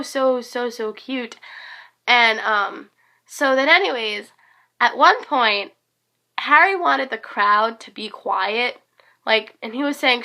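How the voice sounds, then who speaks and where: Hoarse, bright-voiced teenage girl. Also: high voice. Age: teens. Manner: rambling, gushing, many fillers. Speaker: concert fan vlogger. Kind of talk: casual vlog recap.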